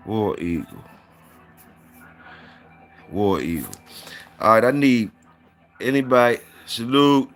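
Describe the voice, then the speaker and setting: A man chats loosely on a livestream, saluting viewers and repeating names as he reads their comments. His voice sits at an ordinary middle pitch, and faint music plays behind him. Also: a bit bright. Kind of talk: casual livestream chat.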